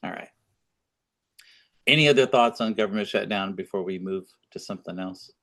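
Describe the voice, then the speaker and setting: A male co-host on a political podcast rambles through casual, opinionated chat, often restarting his sentences. His voice is fairly low and bright, at a moderate pace.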